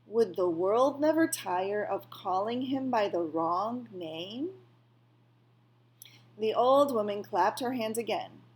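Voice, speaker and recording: A woman calmly reading a children's novel aloud, in a measured storytelling manner. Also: medium pitch. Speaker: reader.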